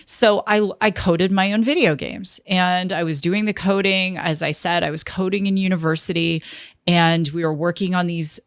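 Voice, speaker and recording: A woman in her fifties, a guest in an interview, telling a lively story and acting out what others said. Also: fairly low pitch, moderate pace, clear, resonant tone, no echo, studio quality. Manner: lively storyteller who acts out quoted dialogue. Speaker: interview guest, tech entrepreneur.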